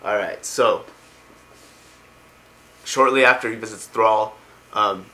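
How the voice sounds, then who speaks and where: A man's voice: fairly low pitch, slow pace, pushed and bright. A man casually retelling video game lore, rambling with lots of ums and likes. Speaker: lore explainer.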